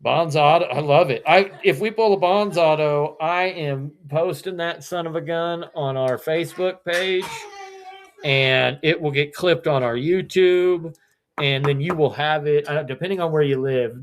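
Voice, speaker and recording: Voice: medium pitch, measured pace, slight background noise. A card seller from Missouri, hosting a live-stream card break and rattling off player names with chatty, self-correcting asides.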